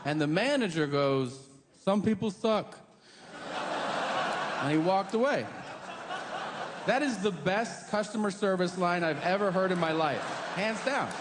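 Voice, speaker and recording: A man doing stand-up storytelling, profane and animated, slipping into voices for quotes, on a theater stage mic. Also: sits high, moderate pace, very noisy. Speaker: stand-up comedian. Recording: roomy live theater with audience ambience.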